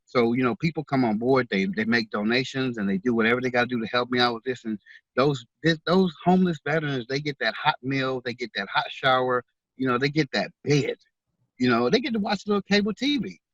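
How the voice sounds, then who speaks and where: This man, an author who organizes a veterans charity, talks in a fairly quick, animated mid-range voice with a fairly bright tone. As an interview guest he's heartfelt and earnest, frequently repeating words, and the lo-fi recording has no echo.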